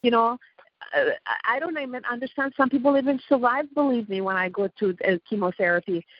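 A woman from Iran, appearing as a guest on a talk radio call-in show, speaks in a brisk, somewhat high voice. She talks emphatically and rambles, frequently cutting in on others. The recording has a dull, dry, lo-fi radio quality.

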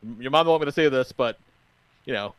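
A man's voice: mid-range voice, fast talker, clean tone, dry recording. A man co-hosting a podcast, telling family stories in casual chat, swearing freely and acting out what people said. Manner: animated storyteller, swears freely, acts out quotes. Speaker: podcast co-host.

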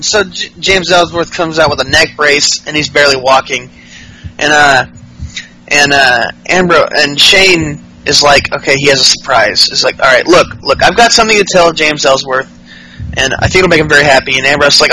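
A man's voice: on the high side, moderate pace, pushed and bright, low-quality recording. A man hosting a casual, profane podcast recap, acting out wrestlers' lines mockingly in raised voices. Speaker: podcast host.

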